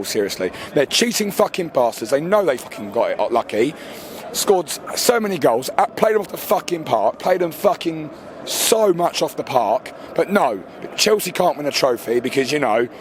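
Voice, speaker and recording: Furious sweary football fan. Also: male voice, on the high side, slight background noise. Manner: furious, sweary, shouting over himself. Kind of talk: angry fan rant. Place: outdoors on a city street after a match.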